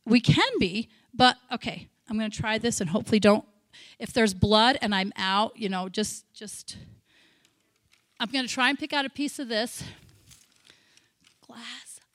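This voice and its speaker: A woman missionary giving a sermon, telling stories with feeling, breaking into shouted praise and chatty asides. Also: a little high, unhurried, pauses often, no room sound, studio quality. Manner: emotional storytelling, bursts into loud shouted praise; chatty, self-interrupting asides. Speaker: missionary speaker.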